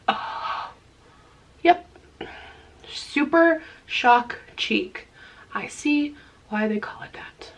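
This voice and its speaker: Chatty beauty vlogger lady, kinda high voice, giggly, little whispery asides here and there. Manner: chatty and bubbly, laughing often. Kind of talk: casual get-ready-with-me chat.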